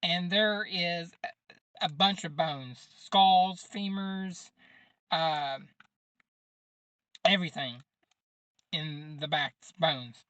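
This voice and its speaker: Casual male podcast host, slow and meandering, loose grammar, fillers everywhere, dry close mic. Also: on the high side, bright, forceful tone, smooth, no room sound, highs cut off. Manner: rambling plot recap with many fillers; informal grammar. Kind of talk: casual movie review.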